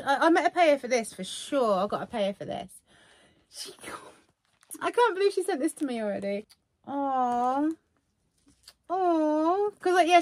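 A woman vlogging casually while unboxing gifts, gushing and excitable. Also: high-pitched. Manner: gushing and excitable, many fillers.

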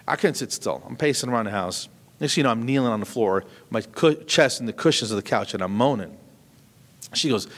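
A middle-aged man doing stand-up comedy, telling a long personal story in an animated way and jumping to high voices for punchlines. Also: a little fast. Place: stage in a large hall. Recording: long hall reverb.

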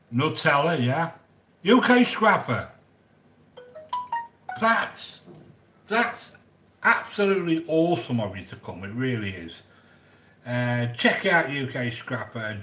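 Gushing host in an echoey room. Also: male voice, medium pitch, a bit bright. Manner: effusive, gushing, repeats himself with fillers. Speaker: cooking channel host. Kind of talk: casual live-stream chat reading viewer comments.

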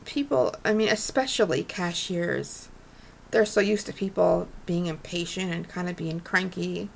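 A woman's voice: on the low side, measured pace, vocal fry, a little hiss or hum. A middle-aged woman vlogging in an earnest, rambling, preachy way. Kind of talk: casual heartfelt vlog rant.

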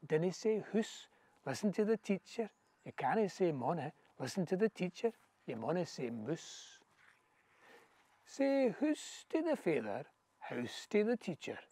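A man with a Scottish accent giving a rhythmic, measured poetry reading in Scots dialect, outdoors in a back garden. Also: high-pitched, dark tone, dry recording. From Scotland. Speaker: poetry reader.

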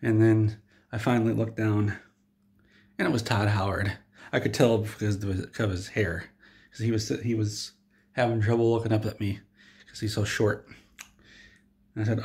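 A man telling an absurd in-character comedy story in a rambling, deadpan way, with frequent restarts. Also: on the low side, normal speed, pauses often. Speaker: comedy vlogger.

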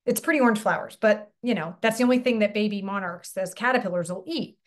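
A middle-aged businesswoman coach runs a casual, chatty live online lesson, frequently posing questions to her listeners and swearing lightly. She has a mid-range voice and talks fast.

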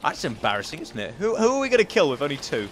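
A young man chatters through gameplay commentary in a goofy, playful way. His voice sits a little high and swings widely, from sudden shouts down to quiet muttering. A faint hiss of background noise runs underneath. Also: huge pitch swings, fast. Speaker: gaming commentator.

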